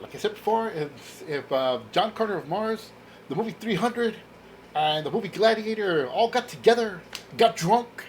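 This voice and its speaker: A man's voice: high-pitched, fairly bright tone, a little hiss or hum. A man chatting casually in a vlog as he shows off a comic book haul, enthusiastic and laughing at his own jokes. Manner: enthusiastic, exclaims over covers.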